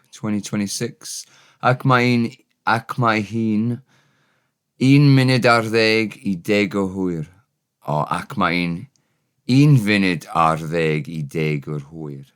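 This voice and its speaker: A man giving a relaxed, off-the-cuff vocabulary lesson, repeating each word for learners. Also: lowish voice, clean tone. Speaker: Welsh language teacher.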